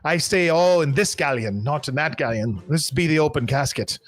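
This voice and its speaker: A man voicing a jovial, barrel-chested male skeleton bartender who talks in old pirate dialect, a bit higher than his own voice. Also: expressive, normal speed, fairly bright tone.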